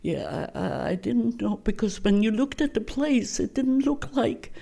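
Older woman, gravelly, dark and mellow tone, halting oral history interview, restarts sentences. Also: fairly high pitch, lively intonation. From Poland. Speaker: guest recounting her life.

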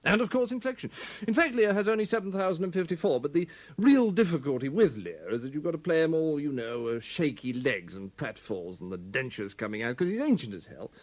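A pompous old stage actor. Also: male voice, on the high side, lively intonation, a little fast. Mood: pompous rambling. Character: pompous aging male stage actor, rambling. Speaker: interviewee. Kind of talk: sketch comedy.

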